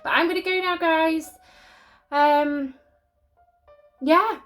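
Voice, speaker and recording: A woman's voice: very high voice, slow, fairly bright tone, faint music behind. A woman hosting a story channel, casually reading out viewer-sent ghost stories in an emotional, chatty, sympathetic way. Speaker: YouTube story channel host.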